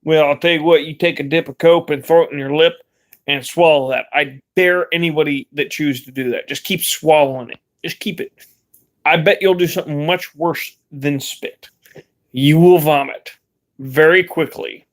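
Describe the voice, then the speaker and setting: A man's voice: on the high side, steady tone, normal speed. A young man vlogging in a rambling, laid-back way, swearing casually as he chats. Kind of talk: casual vlog chat.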